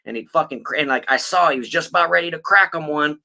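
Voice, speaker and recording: A man's voice: fairly high pitch, fast, gravelly, sharp tone. A man on a podcast, telling a story in a rambling, swear-heavy, casual way. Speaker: podcast co-host.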